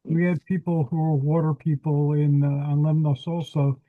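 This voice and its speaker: A man hosting an interview, telling stories slowly with frequent pauses, heard over a tinny phone line. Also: a little high, flat delivery, no echo. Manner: unhurried storyteller with frequent "uh" pauses. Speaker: host. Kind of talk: interview conversation.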